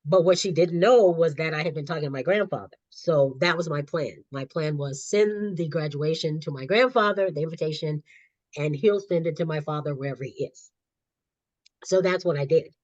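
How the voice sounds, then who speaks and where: A woman's voice: low voice, normal speed, a little mellow, no room sound. A middle-aged woman, a guest author and counselor, telling her own story animatedly in a podcast interview and laughing often. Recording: slightly dull lo-fi audio.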